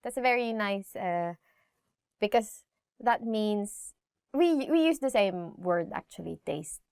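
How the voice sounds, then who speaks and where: A woman with a Filipino accent hosting a casual spoken language lesson, chatty and laughing often, saying example phrases slowly. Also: medium pitch, animated, vocal fry, darkish tone, clear, resonant tone, dry recording, clean studio sound. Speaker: language teacher host.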